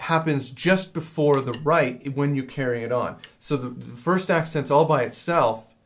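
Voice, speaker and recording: A man teaching a drum lesson in a casual, rambling way, hesitating and filling pauses as he explains. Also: mid-range voice. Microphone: handheld field recorder.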